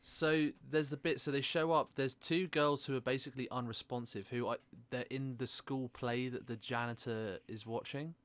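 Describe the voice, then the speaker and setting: A man's voice: medium pitch, moderate pace, hardly any pauses. Male podcast co-host, mid voice, laid-back and hesitant. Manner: relaxed, hesitant, says "like" often. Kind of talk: casual film discussion.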